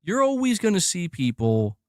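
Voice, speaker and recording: A man's voice: sits high, huge pitch swings, moderate pace, dry recording, studio quality. A man cohosting a casual gaming podcast, ranting in exasperation and circling back over his own points. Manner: ranting, exasperated, repeats himself. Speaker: podcast co-host.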